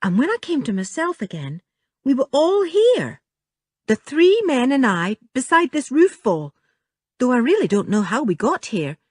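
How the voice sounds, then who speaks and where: A woman doing a plucky young boy from an audiobook, his voice set well above a grown woman's and swinging lively as he talks. He tells his tale earnestly and a little breathlessly, with a husky edge to the sound. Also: high voice, normal speed, dry recording, studio quality, pitched above the performer's own voice, exaggerated voice.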